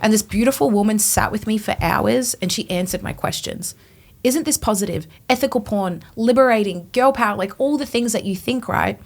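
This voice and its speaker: Casting: young woman guest, lively storyteller, personal testimony, mid-range voice. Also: mid-range voice, brisk, creaky. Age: 20s. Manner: animated storytelling, acting out her own past thoughts, frequent "like". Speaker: podcast guest.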